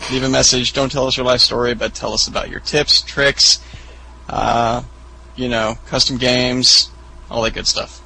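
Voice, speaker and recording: A man co-hosting a podcast, chatting casually and rambling through stories with many fillers. His voice has a gravelly, creaky edge. A faint hiss of noise sits under the recording. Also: flat delivery, moderate pace, bright, forceful tone, low-quality recording. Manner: rambling storyteller who acts out quotes in high squeaky voices. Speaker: podcast co-host. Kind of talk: casual chat.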